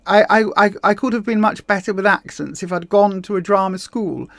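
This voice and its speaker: A woman's voice: medium pitch, moderate pace, hardly any pauses, no room sound. A woman with a southern English accent hosting a casual livestream, chatting and reading out viewer comments in a rambling, friendly way. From Hampshire, England. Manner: chatty, rambling, with frequent ums and repeated words. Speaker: host.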